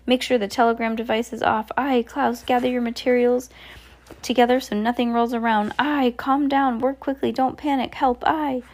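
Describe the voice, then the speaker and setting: A woman reading aloud, voicing a loud, bossy older male submarine captain who barks orders and keeps saying "aye". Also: medium pitch, moderate pace, creaky. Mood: panicked.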